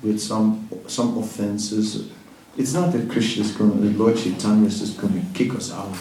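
With a warm, steady, fairly low voice at a moderate pace, a spiritual teacher responds to a question in a devotional talk, reassuring and earnest, and repeats words for emphasis. It's recorded in an echoey room on a distant mic with faint noise.

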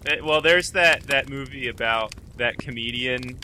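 A man teasing his friends in comedic banter with deadpan questions. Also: medium pitch, unhurried, slight background noise.

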